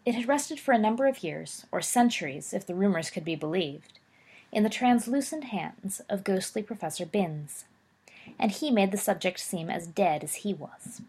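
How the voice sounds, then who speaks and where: A woman narrating a story aloud, expressive with occasional slips and self-corrections. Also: mid-range voice, breathy edge. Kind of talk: audiobook narration of fan fiction.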